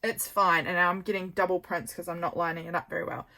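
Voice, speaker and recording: A woman's voice: lowish voice, flat delivery, fast talker, bright, forceful tone, rough recording. A woman vlogger chatting casually as she works on a craft project, thinking aloud and poking fun at her own mistakes. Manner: thinks aloud while working, rambling and self-deprecating.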